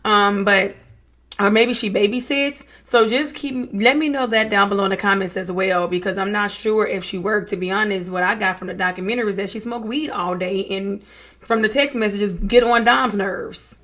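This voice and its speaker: A woman's voice: mid-range voice, fairly even intonation, normal speed, a bit bright. A young woman giving casual reaction commentary, reading text messages aloud and adding sassy asides, often calling people baby and honey. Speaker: true-crime reaction vlogger.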